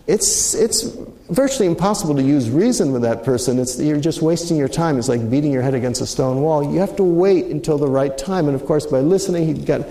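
A man's voice: on the high side, warm tone. A middle-aged man, a mediator, telling an anecdote in a reflective way with frequent restarts. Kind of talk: storytelling talk. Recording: roomy echo.

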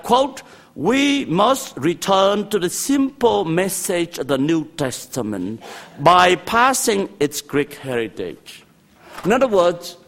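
An older man giving a university theology lecture, lively and repetitive, with asides to the students and an other than English. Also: fairly high pitch. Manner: animated, repeats words, quotes and asides to students.

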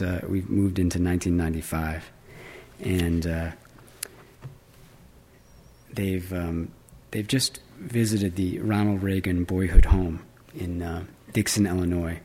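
A man reading fiction aloud, with casual, filler-laden asides between passages. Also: low-pitched.

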